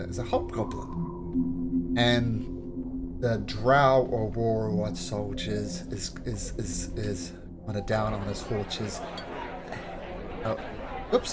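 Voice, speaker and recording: Halting male game master. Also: medium pitch, very noisy. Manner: halting, with many fillers and restarts. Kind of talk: narrating a tabletop game.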